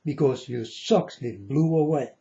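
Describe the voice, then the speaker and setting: A man in a rambling monologue to his viewers, earnest and repetitive, with halting non-native phrasing. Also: mid-range voice, lively intonation, creaky, mellow, highs cut off. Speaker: vlogger addressing viewers.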